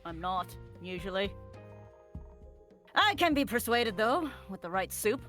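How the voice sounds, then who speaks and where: A woman voicing a blunt, gruff female dwarf smith in a live fan dub of a visual novel. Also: mid-range voice, very animated, measured pace, a bit bright, soft background music. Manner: blunt, demanding.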